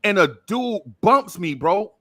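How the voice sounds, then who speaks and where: Lively, bright-voiced New man. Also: sits high, slow pace. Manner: animated storyteller, acts out voices. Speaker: podcast co-host. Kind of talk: casual storytelling chat.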